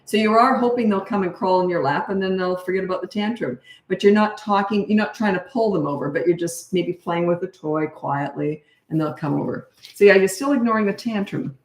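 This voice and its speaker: A woman's voice: medium pitch, fairly quick, few pauses. Blunt no-nonsense woman parenting coach. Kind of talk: casual Q&A advice. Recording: echoey room.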